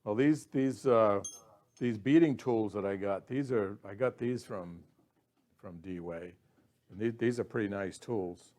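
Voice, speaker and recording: A man's voice: fairly low pitch, a little slow, darkish tone. A man demonstrating woodturning, explaining his steps in a folksy way and restarting words as he thinks aloud. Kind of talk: instructional demo explanation.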